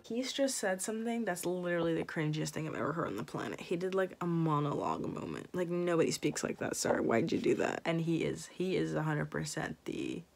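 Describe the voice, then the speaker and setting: A young woman chatting casually in a book vlog. She gives dramatic, opinionated takes and jumps into sudden bursts of excitement. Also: sits low, fairly quick, gravelly, hardly any pauses, loud music behind the voice. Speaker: book vlogger.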